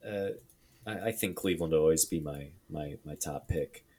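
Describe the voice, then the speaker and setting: A man's voice: rumbling low, moderate pace, mellow, husky. A young adult man co-hosting a casual podcast, thinking aloud with many fillers and restarts. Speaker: podcast co-host.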